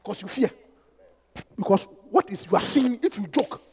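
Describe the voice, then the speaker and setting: A man preaching a fervent sermon, swinging from hushed asides to shouted prayers and bursts of speaking in tongues. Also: high-pitched, lively intonation, moderate pace, breathy edge. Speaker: pastor. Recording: echoey hall with long reverb.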